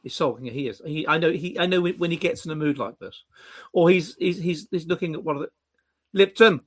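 A man co-hosting a casual chat, animated and mocking, with frequent stammering restarts. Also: a little high, fairly quick. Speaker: podcast co-host.

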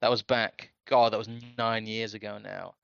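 Man, bright sharp voice, blunt wry casual chat, dry dull lo-fi sound. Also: lowish voice, fairly even intonation, moderate pace, gravelly, clean tone, dry recording.

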